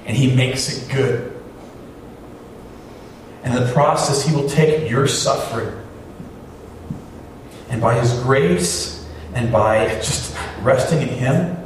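A man's voice: mid-range voice, slight background noise. A man preaching a sermon as pastor, talking with the congregation through rhetorical questions. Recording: echoey hall, voice from far off.

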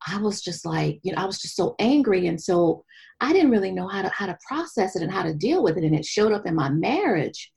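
A woman in her forties, a guest on a podcast, telling her personal story in an animated way and dropping to a whisper at times. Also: on the low side, a little fast, creaky, slightly rough. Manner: animated storyteller, drops to a whisper when voicing her inner thoughts.

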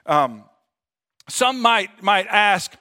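Male pastor delivering a conversational sermon; higher-pitched, bright, addresses the congregation as friends. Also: big pitch swings, very slow. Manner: conversational, calls for amens and addresses listeners as friends.

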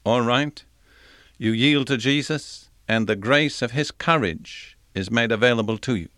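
An older man preaches an earnest, measured sermon. His voice sits at an ordinary pitch. The room sound is dry and close, with almost no reverb, and he slows down on the scripture he is stressing. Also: fairly bright tone.

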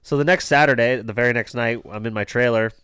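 A man's voice: mid-range voice, fast, bright, forceful tone, clear, resonant tone, no echo. A man who races, telling a story in casual chat with a dry, understated delivery. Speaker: race driver, podcast co-host.

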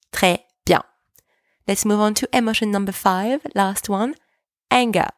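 A woman hosting a language lesson podcast, speaking slowly and clearly and repeating each phrase so listeners can practice. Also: medium pitch, animated, no room sound, studio quality. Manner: slow, careful, repeats French words for practice. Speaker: French teacher, podcast host.

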